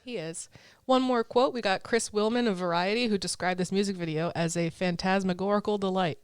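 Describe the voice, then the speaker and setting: A woman co-hosts a relaxed podcast, chatting easily and reading from her notes between ums and small laughs. Her voice sits at a middle pitch. The sound is close and dry. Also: fairly quick, smooth, no room sound. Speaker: podcast co-host. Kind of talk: casual chat.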